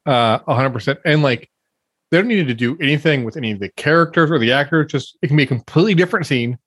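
A man co-hosting a podcast over a video call, delivering his jokes deadpan. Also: on the high side, quick pace, breathy edge, dry recording. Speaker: podcast co-host. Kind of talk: casual chat.

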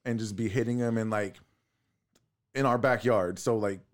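A man's voice: lowish voice, fairly even intonation, moderate pace. A man, co-hosting a casual podcast chat and telling rowdy childhood stories with lots of laughing and swearing. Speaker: podcast co-host.

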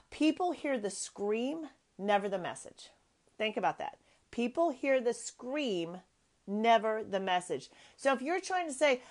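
A woman in her thirties hosting a motivational parenting podcast. She talks earnestly and with emphasis, often repeating her key phrases. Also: a little high. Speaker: podcast host.

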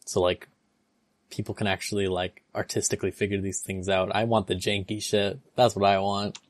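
Podcast co-host, casual chat, animated storytelling, dry close sound. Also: low-pitched, moderate pace, dry recording.

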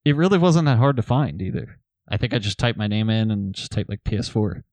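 A man's voice: lowish voice, fairly quick, no echo. A man casually retelling a story to friends on a podcast, reading old messages aloud. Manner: relaxed storyteller, reads messages aloud with laughs.

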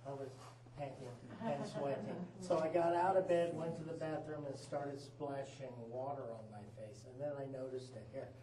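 A man's voice: medium pitch, steady tone, moderate pace, a crowd in the background. A man guiding a ghost tour, telling stories in a folksy, dramatic way to a group inside an old mine tunnel. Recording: echoey tunnel, far from mic, noisy.

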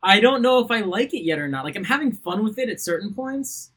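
Man, bright voice, slightly high, loud crude joking, casual podcast chat. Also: sing-song, fairly quick, husky. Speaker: podcast co-host.

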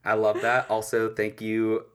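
A man co-hosting a podcast in casual chat, playful and teasing, animated when he retells stories. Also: fairly low pitch, unhurried. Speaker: podcast co-host.

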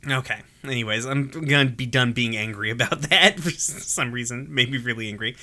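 A podcast host talking through an episode in loose, casual chat, full of "like" and "um" and quick to laugh. The voice is bright and crisp, with easy swearing and animated outbursts. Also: mid-range voice. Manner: chatty with many fillers and restarts.

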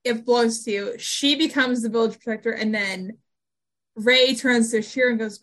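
Animated woman recapping a TV episode. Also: a little high, normal speed. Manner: animated, acts out lines from scenes. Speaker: podcast co-host. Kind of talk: casual chat recapping a TV episode.

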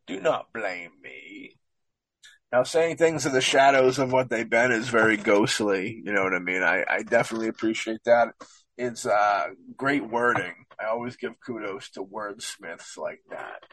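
This man's voice sits fairly low yet sounds a bit bright, captured in a dry, low-quality recording. Presenting a show about a book, he reads passages haltingly with slips before rambling casually and asking "you know what I mean".

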